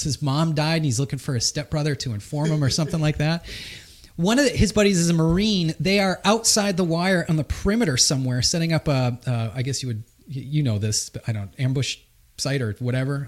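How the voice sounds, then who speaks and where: A man with a Boston accent hosting a casual chat, telling a story with a rambling, profane manner and many restarts. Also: on the high side. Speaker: podcast host.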